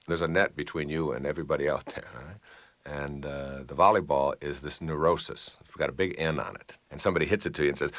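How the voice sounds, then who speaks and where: A middle-aged man giving a motivational lecture, telling anecdotes and acting out the people he quotes. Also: rumbling low. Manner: animated storyteller, acts out quoted people. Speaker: motivational speaker.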